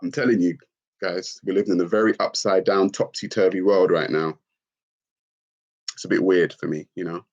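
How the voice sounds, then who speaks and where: A man hosting a live stream, talking expressively and mockingly, often leaping into shrill put-on voices. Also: steady tone, normal speed, pauses often, a little mellow, lo-fi sound. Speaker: livestream host. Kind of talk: animated live-stream rant.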